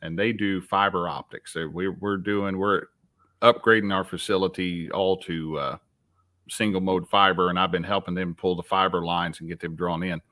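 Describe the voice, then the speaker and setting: A man's voice: deep voice, fairly even intonation, moderate pace, sharp tone, no echo. A man with a Southern US accent chatting casually on a fishing livestream, telling rambling stories with restarts.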